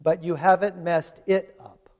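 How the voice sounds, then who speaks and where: A man's voice: sits high, level tone, unhurried, darkish tone. A man preaching a sermon in a chatty, conversational way, retelling scripture in everyday voices. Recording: long hall reverb.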